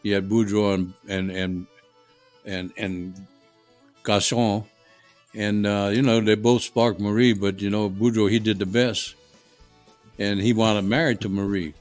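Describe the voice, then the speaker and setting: A man's voice: on the low side, level tone, a little slow, pauses often, soft background music. A man with a New Orleans accent, a guest telling folksy, rambling stories at home. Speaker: guest, HVAC contractor. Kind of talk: casual storytelling. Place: home dining room.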